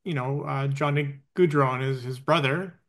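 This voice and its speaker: A man hosting a podcast in casual chat, chiming in with brief remarks and quick follow-up questions. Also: medium pitch, fairly bright tone. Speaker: podcast host.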